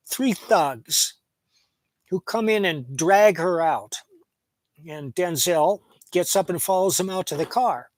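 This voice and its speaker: A man's voice: fairly high pitch, dry recording, low-quality recording. Opinionated man reviewing a movie. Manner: plain-spoken, opinionated, retelling plots at length. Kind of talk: casual opinionated film review.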